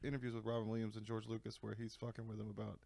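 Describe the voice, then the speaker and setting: A man co-hosting a comedy podcast, riffing and tossing in quick impressions in casual chat. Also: lowish voice, completely flat delivery, vocal fry, warm tone, no room sound. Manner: joking, riffs with quick impressions. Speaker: podcast co-host.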